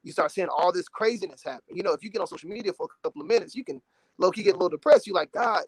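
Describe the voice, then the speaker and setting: Earnest, animated young man, slightly high. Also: rapid-fire, slightly rough. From Dallas, Texas. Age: 20s. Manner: earnest and emotional, animated, many "you know"s. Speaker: gospel recording artist, interview guest. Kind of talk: casual interview talk.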